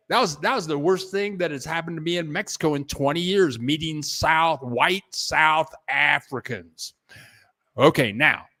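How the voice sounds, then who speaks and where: Slow-talking, halting male livestream host. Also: fairly high pitch, bright, forceful tone. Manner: halting and repetitive, restarting sentences, grateful and chatty. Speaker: livestream host reading viewer donations. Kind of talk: casual rambling livestream chat. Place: at home at his computer.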